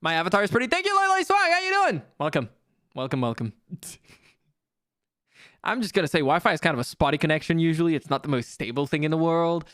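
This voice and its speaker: A young male streamer with a high, smooth voice chats to his viewers at a home streaming setup. He is excitable and self-mocking and swears freely, and the sound is close and dry. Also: fast talker, long pauses, no room sound. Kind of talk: casual live-stream commentary.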